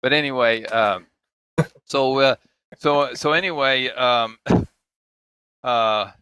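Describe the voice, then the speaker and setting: A man's voice: medium pitch, extremely slow, bright, forceful tone, clean tone, poor audio. An older man and father telling family stories in casual, rambling chat, chuckling and acting out the voices of people he quotes. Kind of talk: casual storytelling.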